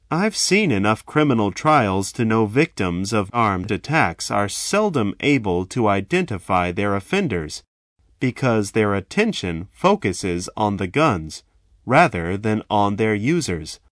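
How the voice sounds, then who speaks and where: Man reading his own story out slow, voice rising and falling a lot, dry close sound. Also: on the low side, sing-song, no echo. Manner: slow, measured, dramatic delivery. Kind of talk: first-person story reading.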